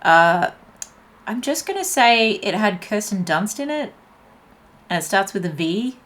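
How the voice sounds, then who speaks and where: A young woman talks through a tarot reading in a loose, chatty way, laughing easily and leaning on fillers as she thinks aloud. Her pitch sits in a middling range for a woman. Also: very animated, a little slow, fairly bright tone. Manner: chatty, giggly, lots of fillers. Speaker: tarot reader.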